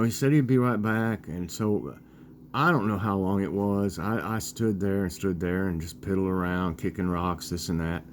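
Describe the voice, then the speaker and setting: A man in his sixties chatting casually in a vlog, rambling and halting with lots of fillers as he tells a childhood story and talks about dinner. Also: deep voice, a little mellow, a little hiss or hum. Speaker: vlogger.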